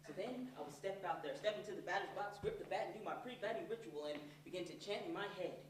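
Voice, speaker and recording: A man performing a one-man stage monologue, animated, swinging from hushed to shouting, recorded from far off on a stage. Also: sits high, fast. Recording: far-off echoey stage recording, faint noise.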